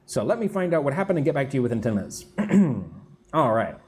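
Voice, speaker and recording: A man teaching a live English lesson, who explains words slowly and checks in with the class, with construction noise near his room. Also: medium pitch, sing-song, a little mellow. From lives in Vietnam.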